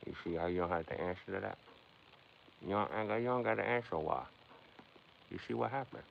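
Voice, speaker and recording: A man with a low, gravelly voice and a fairly quick delivery hosts a casual stream, talking straight to his chat in a rambling, philosophical way. It's recorded with dull lo-fi quality and faint noise behind him.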